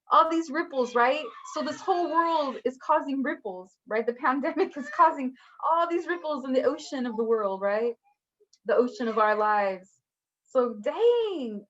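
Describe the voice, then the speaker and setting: Chatty high-voiced woman teaching on a dull call. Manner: chatty, animated, acts out little quoted outbursts. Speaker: poetry workshop teacher. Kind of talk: online workshop talk.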